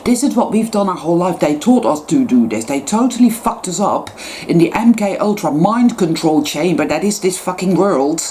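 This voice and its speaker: A woman with a low, mellow voice delivers an intense spiritual monologue to her channel. She swears freely and hammers words over and over for emphasis, swinging between soft murmurs and sharp outbursts. A faint hiss of noise sits under the recording. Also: lively intonation, moderate pace. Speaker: YouTuber.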